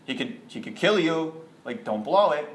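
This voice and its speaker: A man voicing a chorus of panicked body parts, high and frantic, scolding the mouth. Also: very animated, moderate pace. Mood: alarmed. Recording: echoey room, off mic.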